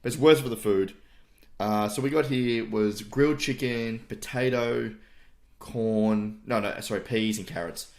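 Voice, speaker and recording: Low-voiced man, laid-back chat. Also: measured pace. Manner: relaxed, laughs often, casual slang. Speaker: podcast co-host. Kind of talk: casual chat.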